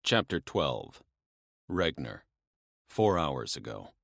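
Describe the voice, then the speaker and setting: Male audiobook narrator, very deep voice, lively expressive reading, dry studio sound. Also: slow pace, dry recording. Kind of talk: scripted romance narration.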